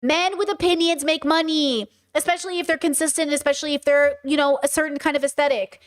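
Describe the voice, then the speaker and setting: High-voiced blunt woman commentator. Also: fairly even intonation. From Southern California. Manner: blunt, rapid, swearing rants. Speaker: podcast host. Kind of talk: casual commentary.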